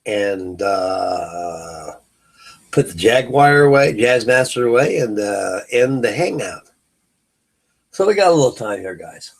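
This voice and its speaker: A man's voice: on the low side, takes it slowly. Middle aged guy rambling on a late night stream, lots of uh and restarts, easygoing chat. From California. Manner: rambling storyteller, many fillers and restarts. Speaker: host of a live hangout stream. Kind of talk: casual chat.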